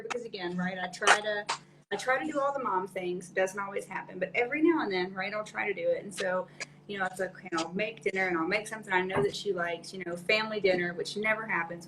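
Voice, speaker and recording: A woman chatting casually as a podcast guest, telling animated stories with lots of fillers. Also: mid-range voice, noisy background. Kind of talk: casual chat.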